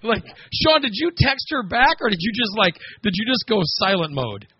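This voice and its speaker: A man chatting on a podcast, telling an anecdote with lively swings in his voice and acting out every quote. His voice is high and husky. The recording sounds dull and lo-fi. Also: normal speed, no echo. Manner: animated, laughing storyteller acting out quotes. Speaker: podcast co-host. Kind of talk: casual chat, storytelling.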